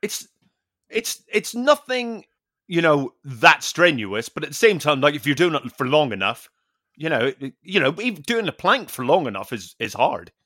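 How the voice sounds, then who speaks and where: A British man hosting a podcast who tells an animated story in a casual way, swearing and acting out dialogue. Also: fairly high pitch, moderate pace, no room sound, studio quality. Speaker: podcast host.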